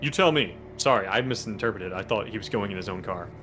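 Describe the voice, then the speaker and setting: A man's voice: on the low side, quick pace, fairly bright tone, faint music behind. A man acting as game master, narrating a tabletop game in a casual, rambling way full of fillers.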